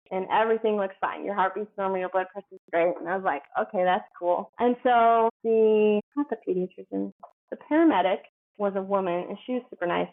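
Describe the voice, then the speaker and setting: A woman's voice: medium pitch, vocal fry. A woman guest telling her story casually, full of "like" and acted-out quotes. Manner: chatty, heavy use of "like", acts out quoted dialogue. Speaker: podcast guest. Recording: phone-like narrow band.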